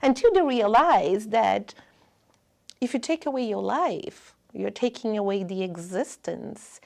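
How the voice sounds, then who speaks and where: A woman giving a spiritual lecture in earnest, non-native English, often dropping to a hush. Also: mid-range voice, lively intonation, unhurried, vocal fry.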